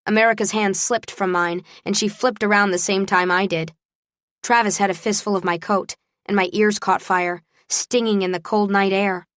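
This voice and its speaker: A woman narrates an audiobook in the first person, and her delivery is expressive. Her voice sits in a middle pitch. The recording is dry and close, with no room around it. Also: normal speed, no echo.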